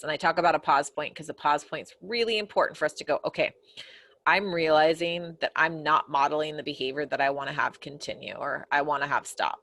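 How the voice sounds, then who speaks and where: A middle-aged woman teaching a parenting course, earnest and conversational, often dropping to a soft, quiet voice. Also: low-pitched. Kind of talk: recorded course lesson. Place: home office corner.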